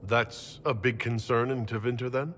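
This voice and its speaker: An actor playing a male Inquisitor, a calm leader who speaks in a dry, level, wry manner. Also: mid-range voice, normal speed, a little hiss or hum, lightly acted. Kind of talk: game character dialogue.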